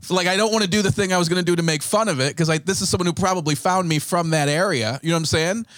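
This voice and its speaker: A man's voice: high voice, rapid-fire, fairly bright tone, no room sound. A man co-hosting a podcast from a comedy club, chatting casually, laughing often and explaining at length. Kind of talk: casual chat.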